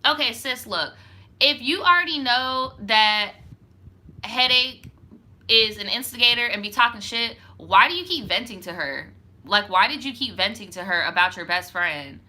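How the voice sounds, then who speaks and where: A young woman reads a viewer's story for her storytime channel in a slightly high, animated, pushed and bright voice at normal speed. She stops often for frank, sassy, profane asides, using "like" heavily.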